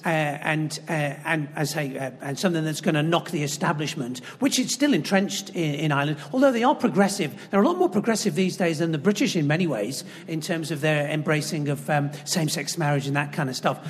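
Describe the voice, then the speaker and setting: A man's voice: on the high side, animated, a little fast, hardly any pauses. Enthusiastic man on a reverberant stage. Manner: enthusiastic, hesitant with fillers. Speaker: comedy course organiser. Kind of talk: panel talk on stage. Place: stage in a large hall. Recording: long hall reverb.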